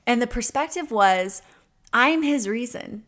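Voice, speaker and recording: A woman's voice: a little high, expressive, a little slow, a bit bright. A woman in her twenties talking in an earnest, chatty monologue, often laughing and using fillers. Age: 20s. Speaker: podcast host. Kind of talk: casual reflective monologue.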